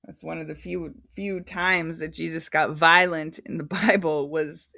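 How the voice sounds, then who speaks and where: A woman's voice: on the low side, expressive, unhurried, sharp tone. A woman hosting a casual livestream, reading scripture aloud with frequent giggles and chatty asides. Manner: giggly, chatty, prone to tangents.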